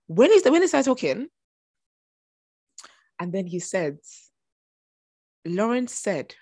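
A young woman talks through a TV episode in a gossipy, animated vlog. Her voice sits in a middle register. The sound is close and dry, with no room around it. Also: medium pitch, unhurried, pauses often, slightly rough, no room sound. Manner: animated, gossipy, acts out her own reactions. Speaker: TV show reviewer. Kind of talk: chatty TV recap vlog.

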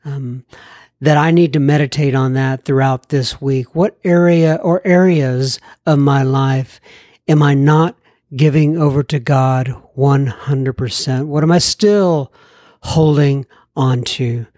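A man's voice: medium pitch, steady tone, takes it slowly, darkish tone, no echo, clean studio sound. A man hosting a podcast, reading listener mail in a chatty, self-deprecating way. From United States. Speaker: podcast host.

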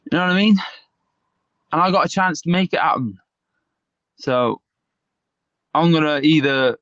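A man's voice: a little high, no echo, lo-fi sound. Fired-up, swearing man on a dry line. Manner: fired up, emphatic, swears a lot. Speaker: MMA fighter, guest. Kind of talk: passionate interview talk.

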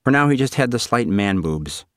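A man narrating an audiobook in a dry, deadpan, wry manner. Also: medium pitch, moderate pace, no room sound.

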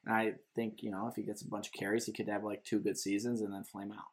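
A man's voice: fairly low pitch, level tone, fast talker. A man co-hosting a casual sports talk show, arguing his points and hedging with filler words. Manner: argumentative, hedging with "like". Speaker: podcast co-host.

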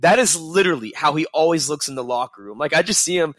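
A man's voice: on the high side, animated, quick pace, a bit bright, no room sound, clean studio sound. A man in his twenties, a sports reporter chatting casually on a panel, upbeat and digressive. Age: 20s.

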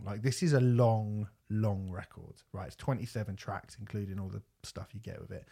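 A man's voice: lowish voice, a little mellow. A man hosting a music podcast, talking in a rambling, sweary, casual way. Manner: rambling, sweary, many restarts. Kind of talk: casual chat.

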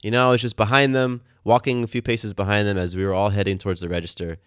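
A man hosting his own podcast, telling warm everyday stories in a casual, upbeat, enthusiastic way. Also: on the low side, flat delivery, fast, clear, resonant tone, dry recording, studio quality. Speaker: podcast host. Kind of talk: casual storytelling monologue. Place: Atlanta, USA.

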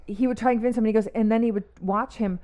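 A woman on a faith talk show, retelling a story in casual chat and acting out the quoted lines with lively emphasis. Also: fairly high pitch, racing. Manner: animated storyteller who acts out quotes.

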